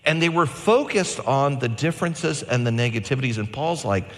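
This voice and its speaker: Animated man preaching in a reverberant hall. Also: medium pitch. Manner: animated, varied delivery with slow emphatic phrases. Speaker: pastor. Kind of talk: sermon.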